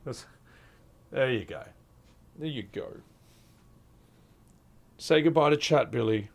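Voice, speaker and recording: A man's voice: medium pitch, takes it slowly, creaky. A young adult man, chatting casually to his stream audience and cooing at his cat. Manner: affectionate baby talk to his cat. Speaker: game streamer.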